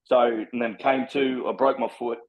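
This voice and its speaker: At normal speed and with a level tone, a medium-pitched man from Brisbane with an Australian accent tells his life story on a podcast, rambling, candid and heavily profane. The recording is rough.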